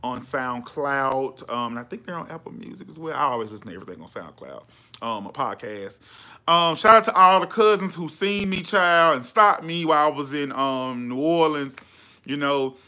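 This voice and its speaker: Chatty, bright-voiced male podcast host. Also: a little high, normal speed. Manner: animated, chatty, lots of slang and fillers. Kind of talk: casual chat.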